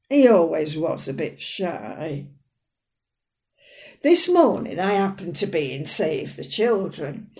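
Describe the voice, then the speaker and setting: A woman at medium pitch performs a dramatic monologue, playing a proud, fussy, sharp-tongued elderly mother from the north whose manner is dry and plain-spoken.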